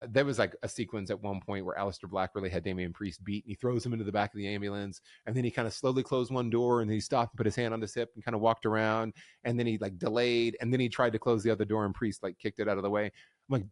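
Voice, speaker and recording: A man hosting a wrestling recap podcast, talking in a casual, opinionated and wry way, with quick restarts. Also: fairly low pitch, no echo, studio quality. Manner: opinionated, wry, talks fast with filler restarts.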